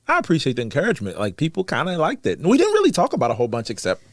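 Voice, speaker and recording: A man's voice: a little high, racing, dry recording. A man in his forties hosting a casual podcast in a small studio, rambling and laughing as he talks. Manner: lively, rambling, laughs often. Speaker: podcast host. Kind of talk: casual chat. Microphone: studio mic.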